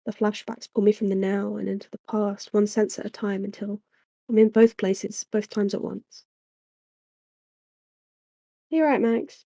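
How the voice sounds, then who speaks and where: A young woman reading a novel aloud on a livestream into a desk microphone at home, in a soft, unhurried narration with chatty asides. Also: mid-range voice, flat delivery, gravelly, no room sound, studio quality. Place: small room at home.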